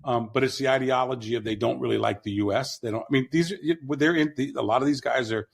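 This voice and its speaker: A man's voice: mid-range voice, fast talker, vocal fry, slightly rough. A man talking bluntly on a podcast, mocking and profane, with frequent restarts. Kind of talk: casual opinionated talk.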